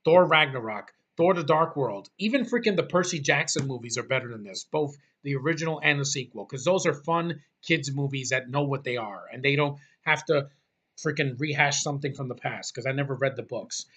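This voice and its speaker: A man's voice: mid-range voice, brisk, fairly bright tone, husky. A man ranting about a movie in a casual, blunt, exasperated way, swearing often and rambling through restarts. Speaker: movie reviewer.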